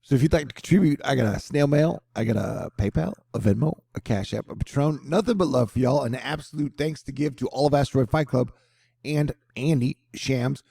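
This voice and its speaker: A man's voice: mid-range voice, fairly quick, creaky, mellow, breathy edge, no room sound, studio quality. A middle-aged man hosting casual weather news commentary, rambling with playful jokes and asides. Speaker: host.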